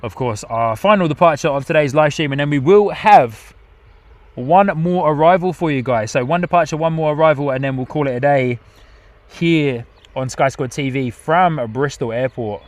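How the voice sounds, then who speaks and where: A man's voice: a little high, normal speed, dry recording. Chatty man commentating planes outdoors. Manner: chatty, reads out viewer comments, laughs often. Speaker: live-stream host. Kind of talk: live plane-spotting commentary. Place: outdoors at an airport.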